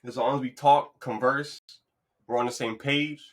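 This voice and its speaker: A man's voice: mid-range voice, brisk. A man hosting his own podcast, talking loosely and encouragingly in a rambling, upbeat monologue into a podcast mic. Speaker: podcast host. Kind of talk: casual motivational monologue.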